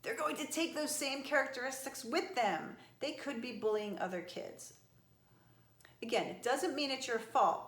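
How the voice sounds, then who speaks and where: A middle-aged woman motivational speaker giving earnest, emphatic advice straight to camera. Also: a little high. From from an Italian family. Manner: earnest and emphatic, with animated outbursts. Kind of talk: direct-to-camera advice talk. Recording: echoey room.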